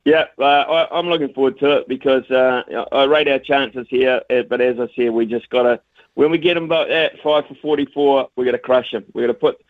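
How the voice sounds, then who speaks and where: A man's voice: mid-range voice, steady tone, a little fast, no room sound. A New man talks cricket as a radio guest, tripping over his words and restarting in a chatty way. His voice comes through a narrow, phone-like line. The sound is dry, with no room around it. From New Zealand. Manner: stammering, repeats words, chatty. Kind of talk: casual radio phone interview.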